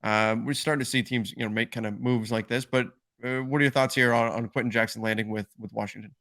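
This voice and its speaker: A man's voice: medium pitch, steady tone, quick pace, fairly bright tone. Easygoing man hosting a podcast. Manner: easygoing, prompts the guest with questions. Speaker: podcast host. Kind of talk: casual chat.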